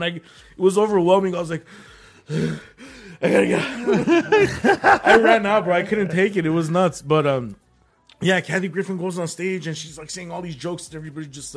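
A young man, a comedian guest, telling a story in casual chat, filling his talk with "bro" and "like". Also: high voice. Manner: animated, says "bro" and "like" constantly.

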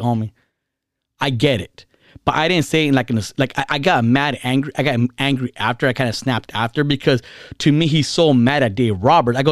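A man's voice: medium pitch, no echo, clean studio sound. A man ranting casually and heatedly, repeating himself, swearing and using slang. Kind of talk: casual rant.

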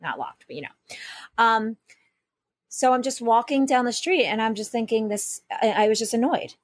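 A woman's voice: fairly high pitch, expressive, normal speed, no echo, clean studio sound. A woman co-hosting a casual podcast, telling a rambling story with many restarts and asides. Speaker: podcast co-host.

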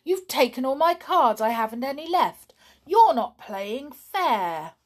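A woman's voice: mid-range voice, sing-song, unhurried, voice pushed up. A woman voicing a little boy who cheats at games, sounding cross and sulky. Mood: angry. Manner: indignant, near tears.

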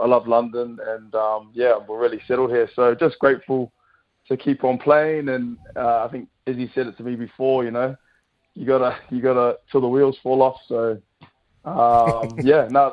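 Speaking at a normal speed in a level, medium-pitched tone, a guest rugby player in his thirties chats easily on the radio with a New Zealand accent. The recording has its highs cut off, and he leans on lots of fillers.

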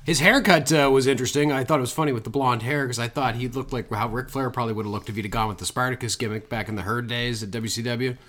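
A man's voice: medium pitch, fast, few pauses, fairly bright tone. A man co-hosting a casual film review podcast, making wry jokes. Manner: wry, jokey, references wrestling. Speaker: podcast co-host.

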